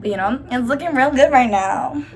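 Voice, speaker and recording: Rambling young woman, higher voice. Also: moderate pace, faint music behind. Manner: rambling, filler-heavy, self-reassuring; doing her makeup while talking. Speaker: YouTuber. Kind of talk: casual confessional chat to camera.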